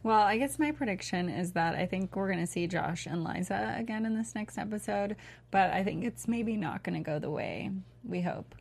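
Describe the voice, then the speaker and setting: A woman co-hosting a casual panel chat, relaxed and thoughtful as she gives her take. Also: medium pitch, normal speed, gravelly, husky. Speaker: co-host.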